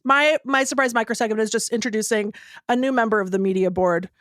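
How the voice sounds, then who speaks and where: A chatty woman co-hosts a comedy podcast and laughs easily. Her voice is very high, and the sound is dry and close. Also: quick pace, fairly bright tone, dry recording. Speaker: podcast co-host. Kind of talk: casual comedic chat.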